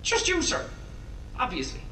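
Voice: moderate pace, bright, forceful tone, a little hiss or hum, close to an everyday voice. A voice actor playing a nervous male factory worker, rambling through a story. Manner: nervous, rambling, swears mildly. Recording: echoey tape recording from a distance.

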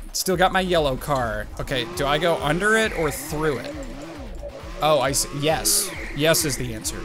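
A man giving let's-play commentary as he plays a game, excitable and talking to the game and himself in jumpy outbursts. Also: a little high. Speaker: gaming YouTuber. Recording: game music playing under the voice. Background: game music.

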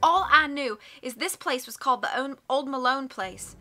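A woman's voice: high-pitched, lively intonation, moderate pace, bright, forceful tone, faint music behind, pitched above the performer's own voice. A woman reading the lines of a young woman who is dismayed, in her own voice.

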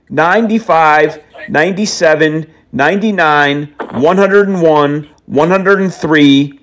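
A man placing a prank call in a slightly raised voice, reeling off absurd lists with a straight face. His delivery is deadpan and rambling, quietly playful. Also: a little high, slow, few pauses. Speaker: prank caller.

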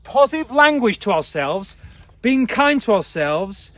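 High-voiced coach guy, peppy, keeps asking his team questions, dry close sound. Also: a little slow, no room sound. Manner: quizzes listeners, calls them team; energetic, playful. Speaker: head coach. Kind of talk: upbeat coaching talk.

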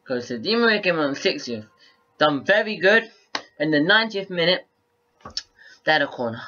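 A male football vlogger giving a casual, rambling match review to camera, excitable and often repeating himself. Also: a little high, moderate pace, dull audio, faint music behind.

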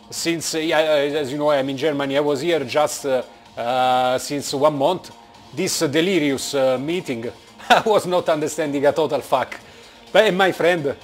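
A man from Italy with a strong Italian accent, talking in a casual vlog, animated and joking, blunt, with lots of filler sounds. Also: fairly high pitch. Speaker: vlogger. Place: indoors, working in Germany.

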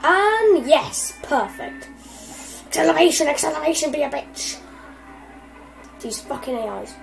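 A young woman giving casual, excitable commentary over gameplay and swearing constantly at her opponents. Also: high voice, moderate pace, gravelly, poor audio. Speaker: gamer. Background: faint game music.

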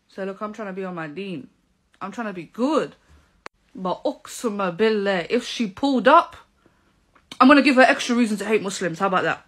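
A woman, telling a story in an animated, indignant way to camera. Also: medium pitch, fairly quick. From England. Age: 20s. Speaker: vlogger. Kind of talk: storytelling vlog.

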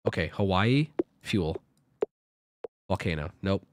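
A man of medium pitch with a sing-song voice talks at a normal speed, with slight background noise, while live-streaming a game. He swears often, breaks into sudden yelps, and voices every move as he makes it.

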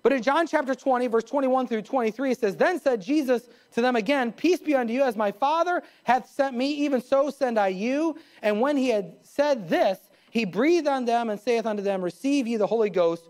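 A man's voice: brisk, few pauses, darkish tone. Emphatic male pastor preaching. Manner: emphatic preaching, swinging pitch and pace, chuckles at own jokes. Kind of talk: sermon. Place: church sanctuary.

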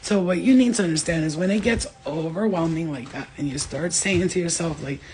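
A woman's voice: lowish voice, a little fast, heavy background noise. A woman speaking as a spiritual medium in a casual channeling vlog, rambling, emphatic and swearing freely.

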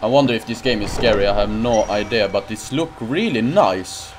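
A man's voice: lowish voice, expressive, normal speed, noisy background. Jittery man swearing through gameplay. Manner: jittery, swears a lot, reads on-screen text aloud. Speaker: gaming channel host. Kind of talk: let's play commentary. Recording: loud game music behind.

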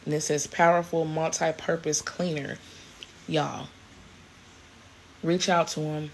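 A woman's voice: low voice, flat delivery, takes it slowly, a little hiss or hum. Woman chatting to camera. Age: 40s. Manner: warm, grateful, rambling with many restarts. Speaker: vlogger. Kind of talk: casual chat to camera.

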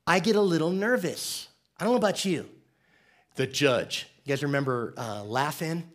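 A man's voice: fairly high pitch, expressive, a little fast. A man from the United States preaching a conversational, joking sermon as pastor.

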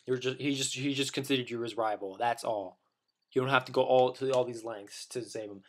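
A man's voice: mid-range voice, fairly even intonation, brisk. A man delivering a rambling, profane opinion rant as a vlogger, full of restarts and blunt insults.

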